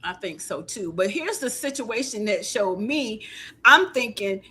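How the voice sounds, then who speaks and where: A woman podcast host recapping a TV episode in casual chat, telling it in an animated, storytelling way. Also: medium pitch, slight background noise. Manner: animated storytelling, quick reactions.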